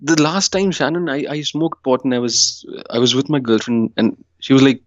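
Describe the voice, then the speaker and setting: A man from India chats with a host and tells a story in a lively way, acting out his own past panic. His voice sits mid-range and comes through dry and slightly dull, like a lo-fi remote line. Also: medium pitch, moderate pace, no echo. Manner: animated, acts out his panicked past self with laughs. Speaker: guest. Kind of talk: casual storytelling chat.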